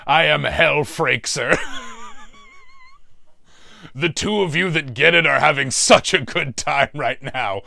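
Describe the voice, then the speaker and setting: A man's voice: lowish voice, sharp tone, no echo, full character voice. A man playing a demonic torturer who hosts a mystery show and tells a comic story about suffering. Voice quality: gravelly, slow, relishing talk of suffering. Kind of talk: comedic in-character storytelling.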